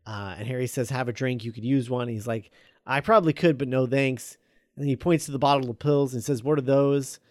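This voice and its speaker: A man's voice: medium pitch, a little fast, no echo, clean studio sound. A man chatting casually, retelling a script scene by scene with many fillers and quoted lines. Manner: rambling with many fillers, quoting characters in a flat relaying voice.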